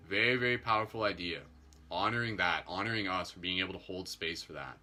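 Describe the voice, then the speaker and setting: A man leading a guided meditation who breaks off into playful jokes between calm breathing instructions. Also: low voice, fast talker.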